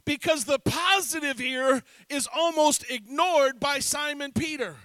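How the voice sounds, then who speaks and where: A man preaching a sermon as pastor, animated, swinging between loud and hushed passages. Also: extremely high pitch, unhurried, no echo.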